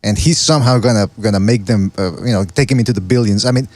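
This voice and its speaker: A man's voice: fairly low pitch, fast talker, darkish tone, no echo. A man hosting a podcast, chatting casually and mocking a fighter with profanity and repeated words. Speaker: podcast host. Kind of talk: casual chat.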